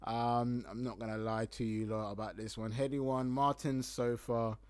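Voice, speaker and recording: A man's voice: medium pitch, little pitch movement, moderate pace, a little mellow, clear, resonant tone. A young man with a London accent, hosting a podcast and telling a casual story, acting out his own lines and laughing often. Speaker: podcast host.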